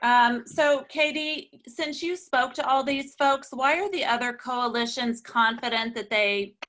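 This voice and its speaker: A woman's voice: high-pitched, unhurried, fairly bright tone. A woman on a video call raising a pointed question at a board meeting. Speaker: board member. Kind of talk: virtual board meeting remarks.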